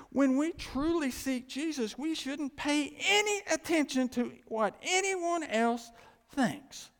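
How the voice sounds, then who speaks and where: A man preaching a sermon as pastor, animated, swinging from loud cries to quiet asides. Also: very high voice, unhurried. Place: church. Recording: long hall reverb.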